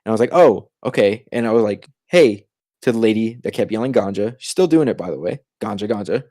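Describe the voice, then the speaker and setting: Animated young man telling a story. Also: on the low side, racing, dry recording, clean studio sound. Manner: animated, acts out quoted voices. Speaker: podcast co-host. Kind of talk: casual chat, storytelling.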